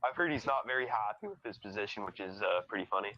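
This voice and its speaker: A man's voice: fairly low pitch, animated, fast, pushed and bright. A young man co-hosting a casual podcast, talking with stuttery restarts and crude jokes. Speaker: podcast co-host. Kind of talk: casual chat. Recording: dull lo-fi mic.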